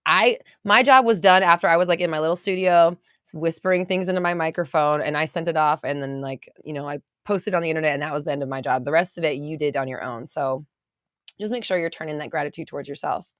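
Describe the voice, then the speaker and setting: Chatty valley-girl woman podcast host, slightly low voice, dry close recording. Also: fast talker, a bit bright, no echo. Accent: American valley girl. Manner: bubbly, chatty, lots of fillers and laughs. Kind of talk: casual livestream chat reading viewer comments. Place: home studio.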